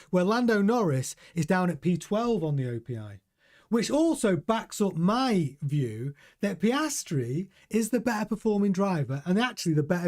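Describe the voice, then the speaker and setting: Sipping coffee as he goes, the host of a laid-back motorsport live stream talks in a high, somewhat mellow voice. He chats freely, shares strong opinions, and reads out what viewers post in the chat.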